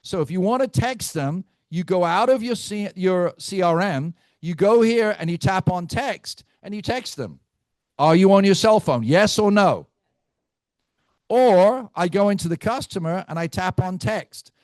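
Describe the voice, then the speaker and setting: A man leading a live team training session, brash and teasing, quizzing his audience with rapid questions. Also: sits high, animated, no room sound, studio quality. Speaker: real estate team trainer.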